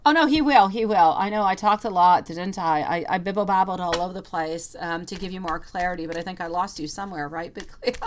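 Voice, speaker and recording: A woman's voice: on the low side, fairly even intonation, fairly quick, few pauses. A woman reading tarot on a live stream for viewers, talking in a chatty, rambling way and calling them sweetie and my lovely.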